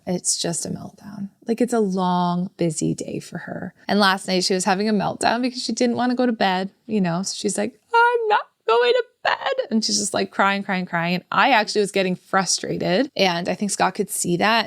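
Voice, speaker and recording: A woman's voice: on the low side, gravelly, no room sound, clean studio sound. A woman in her thirties, a therapist hosting a parenting podcast, talking casually with lots of "like" fillers. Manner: chatty, frequent "like" fillers. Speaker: podcast host.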